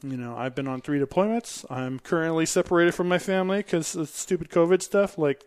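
A man's voice: fairly high pitch, a little fast, smooth. A man in his thirties, a podcast guest, talking bluntly in casual chat, swearing freely and acting out little bits of dialogue. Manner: blunt and profane, acts out quoted dialogue.

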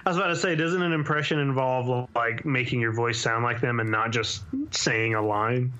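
A man's voice: medium pitch, steady tone, moderate pace, bright, forceful tone. A man co-hosting a podcast, making wry remarks and questioning the others. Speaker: podcast co-host. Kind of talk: casual podcast chat.

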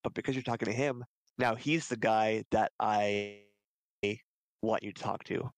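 A man's voice: lowish voice, steady tone, a little slow, low-quality recording. A man chatting on a podcast as a game master, explaining eagerly with many fillers. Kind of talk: casual chat.

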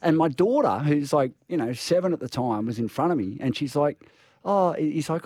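A man's voice: on the high side, lively intonation, a little fast, a little mellow, dry recording, studio quality. A middle-aged Australian man chatting on radio, telling stories with lots of stumbles and restarts. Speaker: radio co-host. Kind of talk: casual radio banter.

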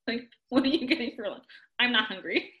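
A woman chatting casually, telling a story in an animated way, acting out quotes and laughing often. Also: fairly high pitch, brisk, muffled recording. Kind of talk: casual chat.

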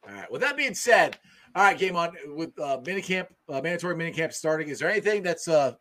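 A man hosts a casual sports podcast in a bright, forward voice that rises and falls a lot. He talks fast and stammers when excited. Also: on the high side. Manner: rapid, stammering, exuberant talk. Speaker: podcast host.

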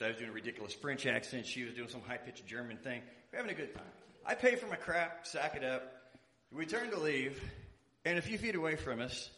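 A man doing stand-up comedy, telling an animated, self-mocking story. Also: medium pitch, slight background noise.

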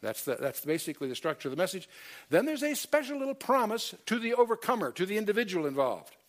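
Male Bible teacher, fairly high voice, emphatic lecture delivery with frequent fillers and restarts. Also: big pitch swings, fast. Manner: emphatic, quotes scripture in King James wording; many fillers and self-corrections.

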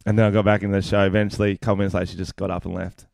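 A young Australian man with a fairly low voice tells stories on a podcast, cursing freely and acting out the back-and-forth. The sound is dry and close, with no room echo. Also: very fast, gravelly. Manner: profane, animated storyteller acting out exchanges. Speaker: stand-up comedian and podcast co-host. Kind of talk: casual podcast chat.

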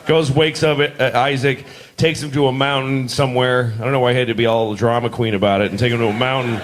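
A man performing a stand-up comedy routine, mocking and animated, acting out characters in changing voices. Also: medium pitch, fast talker. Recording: live club clip with crowd laughter and noise.

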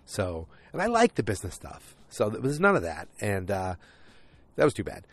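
A man's voice: fairly low pitch, wildly swooping pitch, normal speed. A man casually recapping a TV episode, rambling with lots of fillers and acting out the characters' lines. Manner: rambling, full of fillers, acts out quotes.

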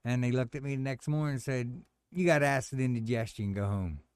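A middle-aged man telling a personal story in casual chat, animated and acting out the voices of others. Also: mid-range voice, a little fast, smooth, no room sound, clean studio sound. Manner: animated storyteller, acts out quoted voices, says "man" a lot.

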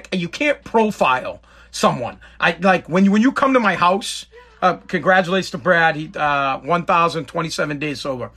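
A man hosting a talk show, telling a casual story in a rambling way with many restarts, and reading viewer comments aloud. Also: fairly high pitch. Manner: animated when quoting others in the story.

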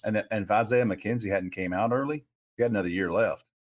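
A man's voice: fairly low pitch, quick pace. A man giving his views in a casual sports conversation, rambling with lots of fillers.

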